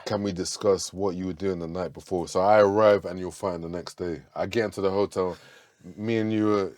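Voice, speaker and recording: A man, hosting a casual podcast chat and telling stories in a lively, repetitive way. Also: low voice, a little fast, dry recording. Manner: animated storytelling, repeats himself.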